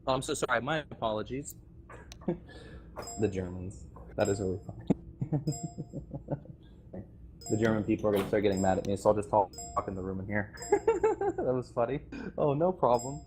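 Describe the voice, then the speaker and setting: A man's voice: fairly low pitch, normal speed, long pauses, a little mellow, soft background music. A man giving an impassioned, rambling voice-chat speech to players about the game server community he left, full of restarts and nervous laughs. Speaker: former game server staff member addressing players. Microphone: voice chat microphone.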